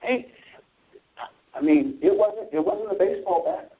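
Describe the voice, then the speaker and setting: A man's voice: sits high, a little slow, narrow, tinny audio. A man preaching informally on a Christian talk show, telling stories from his own life and reading scripture. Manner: animated storytelling with scripture readings.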